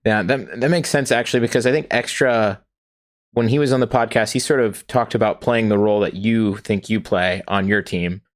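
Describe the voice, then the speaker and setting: A man's voice: fairly low pitch, brisk. A man hosting a podcast, chatting casually and laughing easily. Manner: easygoing, laughs often. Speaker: podcast host. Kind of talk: casual chat.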